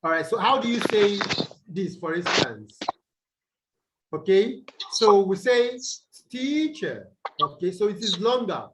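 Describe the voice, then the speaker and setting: A man with a high voice teaches at an unhurried pace over a video call. He asks questions and then answers them himself. He says example words twice, slowly, to show the stress. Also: lively intonation, noisy background. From Nigeria. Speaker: English tutor. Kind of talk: online tutorial lesson.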